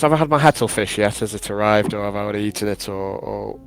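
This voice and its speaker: A man playing a tabletop role-playing game, talking in a hesitant, halting way full of fillers. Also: fairly low pitch, gravelly, soft background music. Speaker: player. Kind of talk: casual tabletop play.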